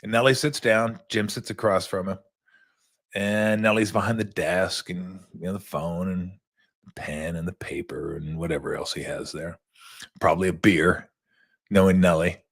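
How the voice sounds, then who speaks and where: A middle-aged man hosting a talk show and telling an animated story, often repeating words as he goes. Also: deep voice, normal speed, vocal fry, husky. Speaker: host, former basketball player. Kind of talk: casual storytelling.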